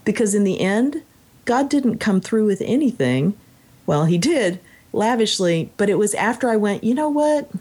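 In a casual book chat, a co-host with a slightly rough, mid-range voice muses at a moderate pace about a story she read. Quoting passages aloud makes her animated, and she does so from time to time.

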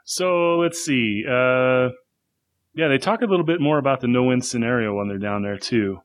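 A man's voice: mid-range voice, moderate pace. A man co-hosting a casual podcast discussion, agreeable and easily moved. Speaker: podcast co-host.

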